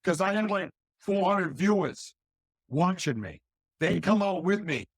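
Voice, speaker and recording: A man who hosts a paranormal podcast, appearing as a guest and talking energetically and excitedly in a casual interview. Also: sits high, unhurried, breathy edge, no room sound.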